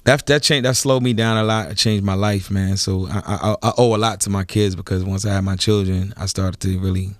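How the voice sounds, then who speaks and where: Laid-back New York rapper, low voice. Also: male voice, brisk, hardly any pauses, dry recording, studio quality. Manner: relaxed, laid-back, laughs often. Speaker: rapper, interview guest. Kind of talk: casual interview chat.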